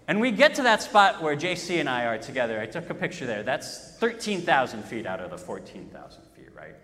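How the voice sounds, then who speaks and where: A man's voice: mid-range voice, a bit bright, in a large hall. A man preaching a sermon, telling a story in an emphatic, self-mocking way. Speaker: pastor.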